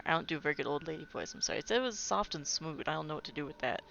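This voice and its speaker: Low, gravelly woman reading a game aloud. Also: animated, racing, hardly any pauses, a bit bright, a little hiss or hum. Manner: playful, chatty, wanders off on asides. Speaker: let's play gamer. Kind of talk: reading game text aloud with casual commentary. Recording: dull recording with game music.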